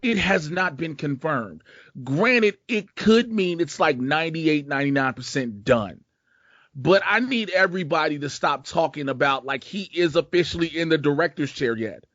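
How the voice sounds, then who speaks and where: A man's voice: fairly high pitch, expressive, moderate pace, fairly bright tone, no echo. A man from Chicago hosting a casual podcast, rambling in a laid-back, profane way with plenty of slang. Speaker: podcast host. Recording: dull lo-fi dry sound.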